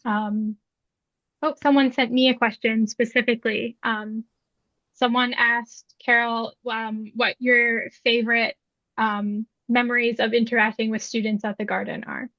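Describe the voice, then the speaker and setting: High, flat woman moderating a webinar. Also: a little slow, no echo. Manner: hesitant, reading questions from the chat. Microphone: video call. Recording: dull, dry video call audio.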